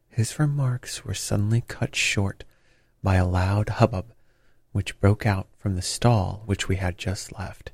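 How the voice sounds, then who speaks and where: A man narrating a classic detective story in a measured, even storytelling manner. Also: lowish voice, creaky, dry recording. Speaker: audiobook narrator.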